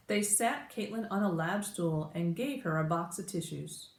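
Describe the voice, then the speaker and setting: A woman teacher reading a children's storybook aloud with animated, expressive narration. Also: on the low side, normal speed. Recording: roomy echo.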